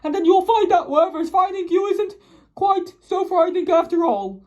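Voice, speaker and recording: An AI-generated voice playing a kindly, gentle old male tramp who speaks softly and soothingly. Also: very high-pitched, animated, normal speed. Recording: dull lo-fi AI voice audio.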